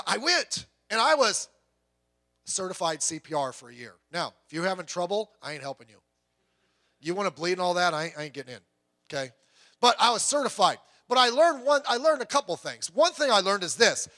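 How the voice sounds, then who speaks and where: Bright-voiced, folksy male preacher. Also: high voice. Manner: folksy, joking, conversational preaching. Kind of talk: sermon.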